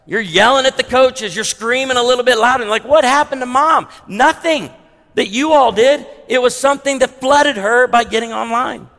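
Male pastor, fairly high voice, emphatic sermon delivery with wry asides, long sanctuary reverb. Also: creaky, a bit bright. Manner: emphatic, slows down hard on key lines, wry asides.

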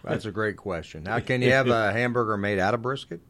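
A man's voice: fairly low pitch, brisk, a bit bright. A man hosting a local sports radio segment, chatting in a folksy, rambling way and poking fun at himself. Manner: folksy, rambling, self-deprecating. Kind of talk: casual on-air chat.

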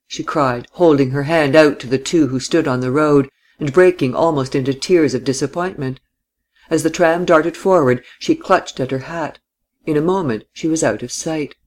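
A male narrator reads a literary novel aloud at a middle pitch. His delivery is measured and even. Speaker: audiobook narrator. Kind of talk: scripted narration.

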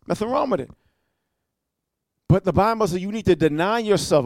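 A preacher giving a fiery sermon, firing off rebukes and rhetorical questions with repeated "amen" and "huh", moving between quiet storytelling and loud warnings. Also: male voice, high-pitched, lively intonation, moderate pace, no echo.

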